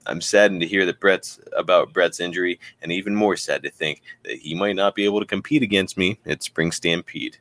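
A man's voice: deep voice, fairly even intonation, fairly quick, few pauses, a bit bright, no echo. A man voicing a smug male wrestling villain who plays mock-offended innocence.

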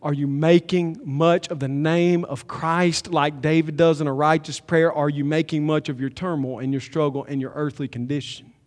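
A man preaching a sermon as pastor, emphatic and building to loud climaxes. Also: fairly high pitch, level tone, moderate pace, hardly any pauses, long reverb tail. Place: church sanctuary.

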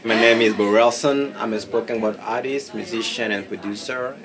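A man from Gabon and Congo speaks with a very low, deep voice. He talks earnestly and gratefully about his work as a spoken word artist and musician in an interview. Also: moderate pace, a bit bright. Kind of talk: interview answer.

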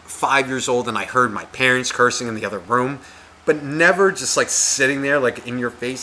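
Over slight background noise, a man with a medium-pitched voice and moderate pace co-hosts a podcast. He tells a casual, swear-laden story with animation, acting out the quoted voices of the people involved.

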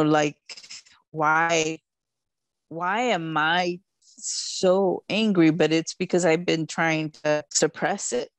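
A woman's voice: sits low, smooth, no echo. An older woman co-hosting a podcast with her daughter, speaking earnestly and searching for words. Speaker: podcast co-host. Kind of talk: casual podcast chat.

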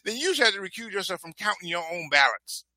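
A man in casual political chat, animated and joking, often repeating words as he talks. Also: high-pitched, fast, dry recording.

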